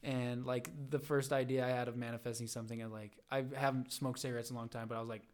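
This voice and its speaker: A man's voice: mid-range voice, little pitch movement, quick pace, darkish tone. A young man telling a rambling dream story on a podcast, full of fillers and acted-out quotes. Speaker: podcast guest. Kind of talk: casual chat.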